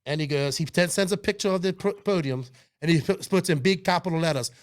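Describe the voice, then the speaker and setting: A man co-hosting a podcast, talking in an animated, defensive way, with frequent swearing and restarts. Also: a little high, fast talker. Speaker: podcast co-host. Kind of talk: heated casual podcast chat.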